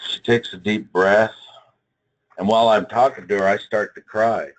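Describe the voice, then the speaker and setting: An older man speaking at a trading seminar, telling a personal story in a dramatic, emphatic way, with big swings in pitch and loudness. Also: steady tone, moderate pace, muffled recording.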